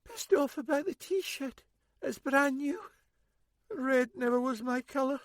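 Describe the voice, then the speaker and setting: A woman's voice: high voice, unhurried, no echo, pitched above the performer's own voice. A man voicing a wounded young woman who keeps a dry sense of humour, speaking faintly and breathily. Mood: weak, wry. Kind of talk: audiobook character voice.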